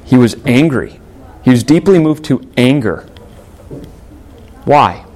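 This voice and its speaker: A man's voice: medium pitch, lively intonation, slow pace, darkish tone. A man preaching a sermon as a pastor, reading scripture aloud and asking rhetorical questions in an earnest tone.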